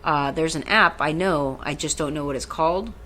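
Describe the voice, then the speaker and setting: A woman's voice: deep voice, moderate pace, sharp tone, slight background noise. A woman co-hosting a podcast in casual chat, rambling and swearing freely. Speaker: podcast co-host.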